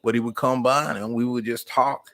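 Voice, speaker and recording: A man's voice: mid-range voice, fairly even intonation, moderate pace. A middle-aged man, hosting a live stream and chatting casually with viewers in a folksy, storytelling way. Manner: folksy, storytelling, warm Southern American speech with "y'all".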